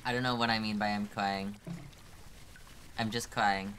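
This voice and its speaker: A man's voice: lowish voice, little pitch movement, a little slow, fairly bright tone, slight background noise. A man streaming a game live, thinking aloud, swearing often and laughing through his frustration. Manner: talks to chat, thinking aloud. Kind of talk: live gameplay commentary.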